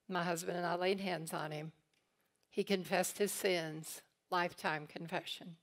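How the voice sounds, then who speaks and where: A woman from eastern Kentucky, guest teaching at a church, speaks in a lowish voice with a fairly bright tone. She tells family stories to the congregation, laughing as she acts out the voices of those she quotes.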